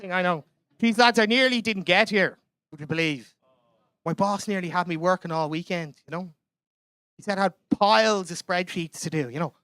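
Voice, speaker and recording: A man's voice: high-pitched, moderate pace, bright, forceful tone, smooth, dry recording. A young Irish man doing a chatty, self-mocking stand-up comedy set in a club. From Ireland.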